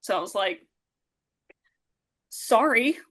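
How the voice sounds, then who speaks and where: A woman, a podcast guest telling a lively story and acting out the voices of those in it. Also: on the high side, brisk. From Southern Alabama. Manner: animated, acts out dialogue, many fillers. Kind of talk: storytelling in casual interview.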